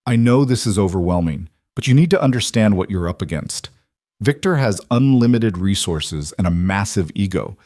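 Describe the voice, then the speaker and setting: A man doing a blunt, seasoned woman lawyer in a storybook reading, brisk and firm as she spells out threats. Her voice sits low and dry, close to the mic. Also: expressive, warm tone, no echo.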